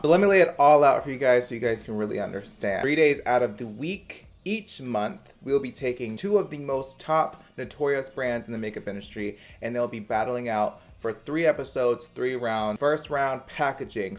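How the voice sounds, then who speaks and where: A young man hosting his makeup channel, talking in an animated, emphatic and playful way. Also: medium pitch, moderate pace. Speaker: beauty vlogger. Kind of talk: upbeat vlog intro.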